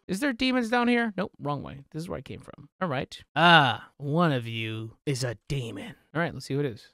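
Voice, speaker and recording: A man streaming a horror game live, talking to chat with lots of swearing, joking asides and sudden yelled outbursts at what happens on screen. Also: mid-range voice, very animated, brisk, few pauses, no echo, studio quality. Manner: profane, joking, bursts into loud yelps and shouting at the game. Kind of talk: live gameplay commentary.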